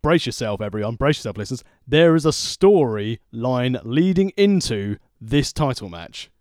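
A man's voice: medium pitch, moderate pace, dry recording, studio quality. A man co-hosting a podcast, chatting casually and joking. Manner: joking, animated. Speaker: podcast co-host. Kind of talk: casual chat.

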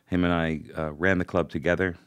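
An older man from Brooklyn with a faded Brooklyn accent, hosting a casual interview and rambling with many pauses. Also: low voice, little pitch movement, fairly bright tone, clear, resonant tone, no echo. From Brooklyn, New York. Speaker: podcast host.

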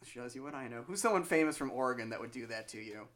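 A man co-hosting a podcast, reacting with jokes and quick banter. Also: mid-range voice, lively intonation, heavy background noise. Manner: joking, reactive banter with laughs. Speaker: podcast co-host. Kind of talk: casual chat. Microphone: podcast mic.

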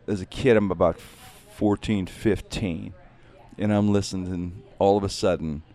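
A man's voice: deep voice, dark tone. A man, a comedian, talking in a casual interview, rambling and reflective, often saying "man.".

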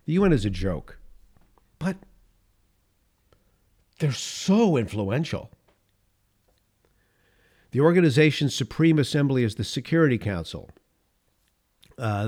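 A middle-aged man with a fairly low voice hosts a political commentary show. He talks with biting sarcasm and chuckles at his own jabs. He gets fired up, then reins himself back in. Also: animated, a little slow, pauses often, darkish tone. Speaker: podcast host.

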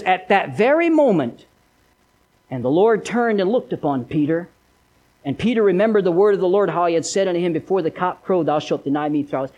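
This sermon comes from a male pastor who tells it dramatically, his delivery swinging from forceful loudness to soft, low murmurs.

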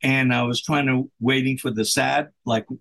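Male co-host with a husky voice and a loose, rambling chat manner. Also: medium pitch, fairly even intonation, normal speed, fairly bright tone. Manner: rambling, full of fillers like "like" and "you know". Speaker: podcast co-host. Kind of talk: casual interview chat.

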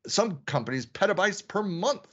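A man's voice: high voice, sing-song, moderate pace, husky, dull audio. A man hosting an interview podcast, talking casually and animatedly while he stacks up points in long lists. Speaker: podcast host.

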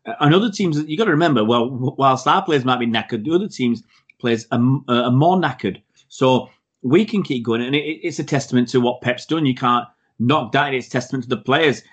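A man's voice: mid-range voice, brisk, husky. Opinionated man in a football chat. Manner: emphatic, opinionated. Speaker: podcast co-host.

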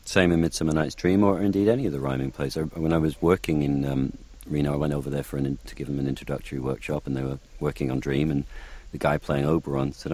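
A man's voice: rumbling low, steady tone, quick pace, warm tone. A man, an actor and voice coach, telling anecdotes in an interview with a hesitant, stop-start delivery. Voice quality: gravelly, hesitant with fillers.

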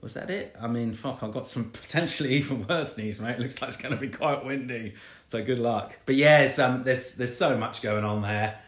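A man's voice: medium pitch, normal speed, a bit bright. Rambling sweary man, echoey room. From British Isles. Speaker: podcast co-host. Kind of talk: casual banter.

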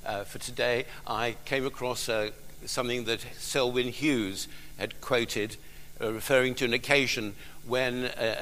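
A male preacher delivers his sermon at an unhurried, deliberate pace. His voice is bright and clear, and it rings with the long reverb of a church. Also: mid-range voice. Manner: slow, deliberate preaching with pauses.

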